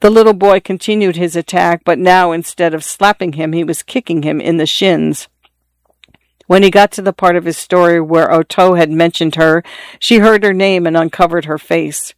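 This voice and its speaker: A narrator reading a story in a measured, even way. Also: mid-range voice, clear, resonant tone, no room sound. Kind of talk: audiobook narration.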